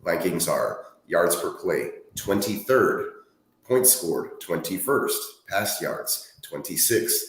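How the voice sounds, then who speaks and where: Male podcast co-host, low voice, laid-back stat reader, echoey room. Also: slow. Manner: laid-back, reads stats in a steady list. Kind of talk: casual sports chat.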